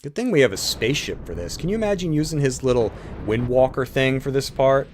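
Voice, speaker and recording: Wry man joking over a game, animated. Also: medium pitch, quick pace. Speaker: game let's player. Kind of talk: let's play commentary reading game text aloud. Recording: game music behind voice.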